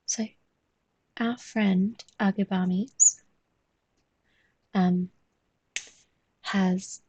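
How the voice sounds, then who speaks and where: A woman talks in a soft, mostly whispered voice and yawns often as she chats with viewers on a live stream while she draws. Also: fairly high pitch, measured pace, pauses often, breathy edge.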